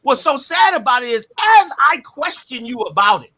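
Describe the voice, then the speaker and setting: A man in a heated debate, talking in a forceful, preachy way and shouting at times. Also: extremely high pitch, big pitch swings, moderate pace. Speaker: debater challenging a rabbi.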